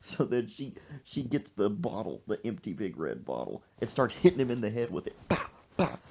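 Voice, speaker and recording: A woman's voice: rumbling low, brisk, creaky, husky. A woman hosting a podcast, telling a comic story with sound effects and laughter. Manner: animated, laughing between lines, sound effects. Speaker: podcast host. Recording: muffled lo-fi podcast audio.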